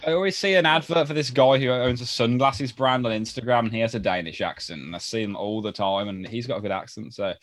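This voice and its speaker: A man with a Birmingham accent co-hosting a podcast in casual chat, full of quick asides. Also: mid-range voice, a bit bright, dry recording. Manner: chatty, with quick asides and laughs. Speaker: podcast co-host.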